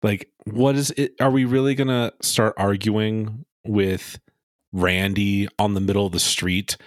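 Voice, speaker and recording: A man's voice: on the low side, fairly even intonation, a little slow, no echo, clean studio sound. A man co-hosting a podcast in casual chat, sarcastic and swearing freely as he acts out quotes in silly voices. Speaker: podcast co-host. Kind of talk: casual chat recapping a reality show.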